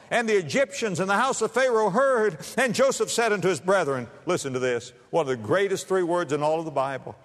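A man preaching a sermon and reading scripture, swinging between loud high emphasis and low, quiet, drawn-out words. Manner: reads scripture aloud, drawn-out stressed words. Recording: long hall reverb.

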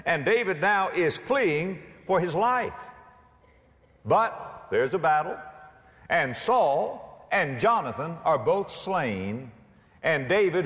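A man preaching a sermon, his fairly high voice swinging widely as he builds to shouted peaks. The long reverb of a large hall trails after each phrase. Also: very animated, slow pace. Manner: dramatic, rising to shouts at climaxes.

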